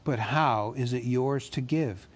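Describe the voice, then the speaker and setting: A man's voice: medium pitch, measured pace, close to an everyday voice. A man voicing a grim, suspicious male leader who speaks bluntly.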